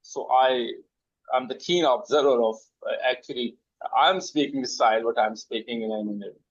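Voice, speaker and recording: A man hosting an interview, asking questions hesitantly with many pauses and fillers. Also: medium pitch, slightly rough. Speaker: interview host. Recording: dull lo-fi audio.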